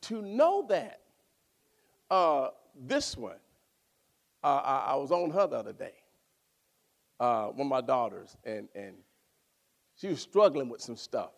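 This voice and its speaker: A man preaching a sermon, swinging from loud exclaiming to hushed near-whispers. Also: medium pitch, sing-song, measured pace, creaky, long pauses.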